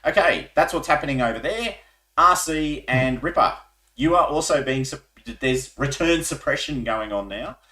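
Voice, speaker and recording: A man running a tabletop war game as game master, explaining rules in a relaxed way with many ums. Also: on the high side, normal speed, reverberant, poor audio.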